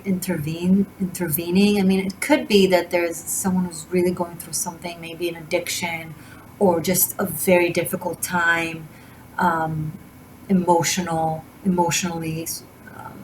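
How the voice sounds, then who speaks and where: A tarot reader with a slightly low voice talks in a gushing, wandering way, often breaking off and restarting her sentences. A faint noise sits behind her voice. She speaks casually and warmly, straight to her viewers. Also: rough recording. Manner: gushing, rambling with many restarts and fillers. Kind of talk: casual spiritual reading to camera.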